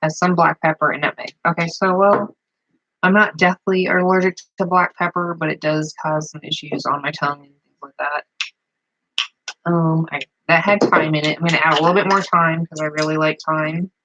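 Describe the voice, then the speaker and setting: A woman's voice: sits low, fairly even intonation, normal speed, fairly bright tone, lo-fi sound, a little hiss or hum. A woman chatting casually as she shows a recipe at her farmhouse table, rambling with plenty of fillers. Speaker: home cook vlogger. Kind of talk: casual cooking demonstration.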